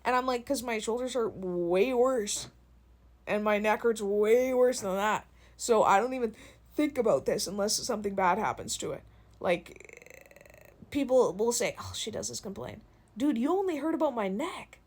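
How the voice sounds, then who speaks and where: A woman's voice: fairly high pitch, moderate pace. A young woman and content creator venting in a casual vlog, telling stories with lots of swearing and laughter into a phone. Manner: profane, animated storytelling with laughs.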